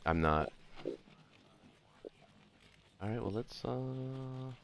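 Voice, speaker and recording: A man chatting casually while playing a strategy board game, muttering counts and thinking his moves through out loud. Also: mid-range voice, expressive, a little slow, creaky, a little hiss or hum. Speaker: co-host and player. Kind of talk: casual gameplay chat.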